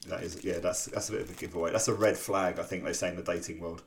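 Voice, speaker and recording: A man's voice: low voice, fairly even intonation, fast talker, vocal fry. A man co-hosting a podcast in casual chat, playful and rambling, teasing his co-host. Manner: playful, rambling, often restarts and teases.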